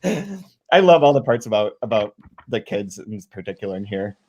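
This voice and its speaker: Animated, cursing podcast host man. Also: fairly low pitch, moderate pace, breathy edge. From Michigan, USA. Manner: animated, swears freely, stumbles over restarts. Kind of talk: casual book discussion.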